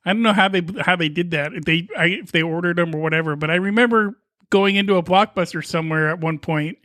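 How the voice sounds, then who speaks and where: Bright high-voiced joking podcast host. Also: male voice, quick pace, no room sound, studio quality. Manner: joking, laughs often, mock movie-trailer bits. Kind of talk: casual chat.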